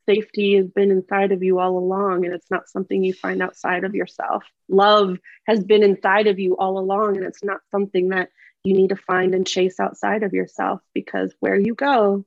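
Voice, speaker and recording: A woman's voice: mid-range voice, gravelly, no echo. Woman, podcast guest, heartfelt, emphatic, laughs often, muffled dry line. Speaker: podcast guest, empowerment coach. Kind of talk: heartfelt conversational sharing.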